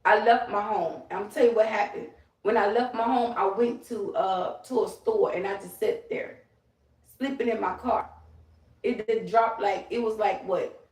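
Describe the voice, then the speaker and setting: A woman's voice: mid-range voice, fairly even intonation, measured pace, a little mellow, far from the mic. A woman ranting on a livestream, profane, emphatic and confrontational. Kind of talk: livestream rant. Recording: roomy, away from the mic.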